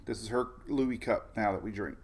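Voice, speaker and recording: In a casual tropical weather briefing, a man hosts a livestream, talking over the weather maps on screen and drifting off topic in a chatty way. His voice is lowish and slightly rough, at a normal speed.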